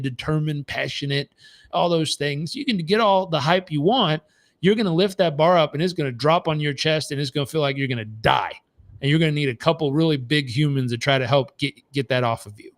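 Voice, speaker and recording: A man running a live motivational coaching session with an emphatic, repetitive delivery, often stumbling and restarting his sentences. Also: mid-range voice. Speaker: performance coach.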